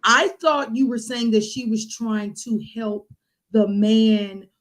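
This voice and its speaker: A woman's voice: on the high side, fairly even intonation, slow. A woman hosting a casual chat, interjecting with questions. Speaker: podcast host.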